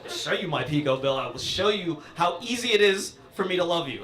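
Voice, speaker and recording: A man's voice: a little high, expressive, fairly quick, hardly any pauses, fairly bright tone. A young man performing a stand-up comedy set, playful and punchy, with conversational asides to the crowd. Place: comedy venue with audience laughter. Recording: roomy live club sound.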